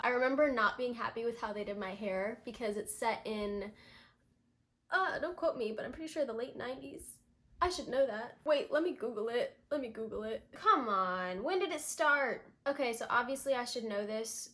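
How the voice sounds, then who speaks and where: A woman's voice: medium pitch, fairly bright tone. A young woman giving a casual, rambling vlog recap, full of filler words and self-corrections. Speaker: vlogger.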